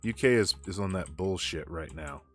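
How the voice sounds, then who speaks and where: A man's voice: deep voice, animated, moderate pace. A man from the United States streaming a game and ranting about politics with sarcasm and frequent swearing. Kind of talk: casual chat while gaming.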